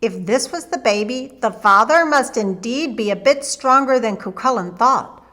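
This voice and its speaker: Bright-voiced woman reading a folktale. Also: a little high, moderate pace. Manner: lively expressive reading. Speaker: storyteller. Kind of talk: storybook narration for children.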